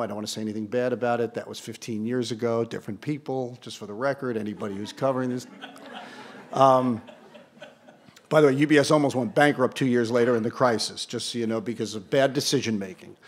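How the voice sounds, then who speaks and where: A man's voice: mid-range voice, steady tone, fairly quick. A man in his sixties gives a speech to an audience at an event. He tells an anecdote with dry, self-deprecating asides. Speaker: award ceremony speaker. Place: event hall before an audience.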